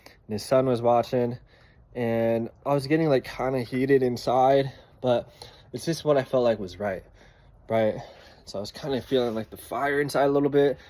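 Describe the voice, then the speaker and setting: A man's voice: medium pitch, steady tone, moderate pace, mellow. A man in his twenties, a father, telling a story to the camera in a loose, conversational way, with plenty of fillers and some swearing. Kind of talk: casual storytelling vlog.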